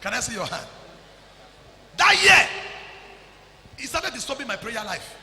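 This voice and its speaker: A man preaching a sermon as pastor, loud and emphatic, often shouting and slipping into Pidgin. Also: extremely high pitch, big pitch swings, a little slow, long pauses, roomy sound, long reverb tail, low-quality recording. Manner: preaching loudly with frequent shouts and Pidgin asides.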